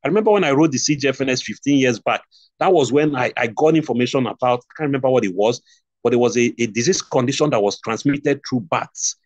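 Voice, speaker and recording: Speaking fast at a medium pitch with no echo, a man with a Nigerian accent leads an online nursing exam review class. He repeats the key points and throws out rhetorical questions, over dull lo-fi stream audio.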